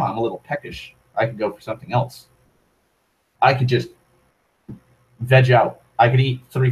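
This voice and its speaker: A man's voice: medium pitch, low-quality recording. A man in the middle of an irritated, profanity-laced rant, complaining about a restaurant meal and playing every character in the story himself. His voice sits in an ordinary middle range, and his delivery is casual and heated. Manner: exasperated, swears constantly, acts out dialogue. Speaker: vlogger.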